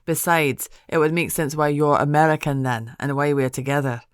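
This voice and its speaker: A woman's voice: sits low, steady tone, moderate pace, clear, resonant tone, dry recording, natural voice. A woman voicing a good-humored young Scottish man with a dry, bantering manner and a Scottish accent. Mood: teasing.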